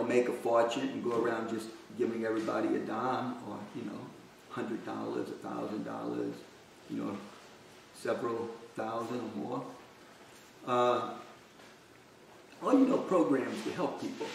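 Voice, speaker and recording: A man giving a devotional scripture class in a conversational way, full of "you know", then reading a passage aloud slowly and deliberately. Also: medium pitch, creaky. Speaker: class speaker. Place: temple hall. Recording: echoey room, distant mic, faint noise.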